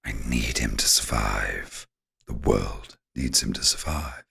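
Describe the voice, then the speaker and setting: A man voicing a cryptic, ominous cat spirit with a deep gravelly rumble and slow, solemn delivery. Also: bright, forceful tone, exaggerated voice.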